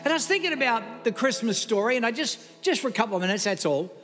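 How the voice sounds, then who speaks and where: A man's voice: very high voice, expressive, quick pace. A man preaching a sermon to a congregation, telling stories with jokey asides to the audience. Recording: long hall reverb with soft music.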